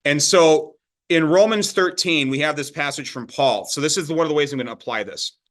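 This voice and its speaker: A man with a slightly higher voice leads a Bible study in an informal, chatty manner. He stops often to ask whether his listeners follow him. He sounds like a pastor talking through a passage with a small group. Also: brisk, a bit bright. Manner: conversational, checks in with the listeners often. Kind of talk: informal sermon teaching.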